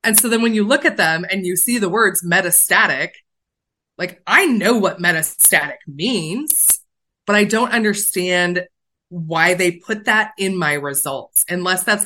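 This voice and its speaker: A woman on a podcast telling a personal story in casual chat, animated and self-mocking, swinging quickly between worry and laughter. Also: mid-range voice, low-quality recording. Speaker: podcast co-host.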